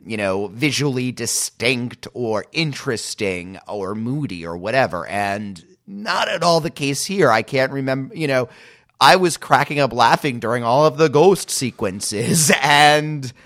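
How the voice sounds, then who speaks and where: Bright-voiced wry man. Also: medium pitch, lively intonation, a little slow. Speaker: podcast co-host reviewing TV episodes. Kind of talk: casual critical chat.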